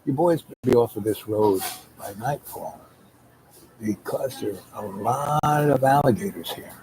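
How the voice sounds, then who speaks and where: A man's voice: medium pitch, moderate pace, a little mellow, a little hiss or hum, lightly acted, low-quality recording. A man doing a curt, dismissive gatekeeper.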